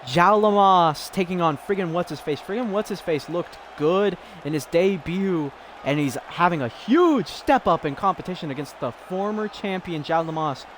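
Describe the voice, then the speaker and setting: A man casually commentating a fighting game, excitable and giggly, rambling between calls. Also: sits high, moderate pace, a little hiss or hum.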